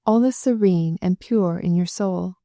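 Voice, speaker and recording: A woman reading the part of a gentle, observant married noblewoman in an audiobook. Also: lowish voice, a little slow, no echo, studio quality.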